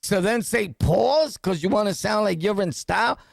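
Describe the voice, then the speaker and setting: Man, New York City accent, podcast host, loud profane street talk, high gravelly voice, dry close sound. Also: expressive, moderate pace, no echo. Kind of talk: casual commentary reacting to news clips.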